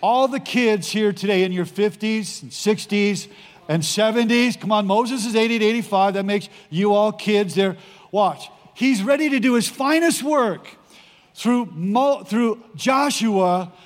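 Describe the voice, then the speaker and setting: A male pastor preaching a sermon to his congregation, animated and rallying the crowd in a church sanctuary. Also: high voice, measured pace. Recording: long hall reverb.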